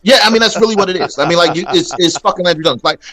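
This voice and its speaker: A man's voice: high voice, very fast, sharp tone. A man hosting a casual sports talk show, ranting with plenty of profanity. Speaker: podcast host.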